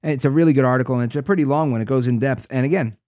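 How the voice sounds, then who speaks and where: A man's voice: mid-range voice, racing, warm tone, no echo. A man hosting a talk radio show, reading news aloud with sarcastic asides.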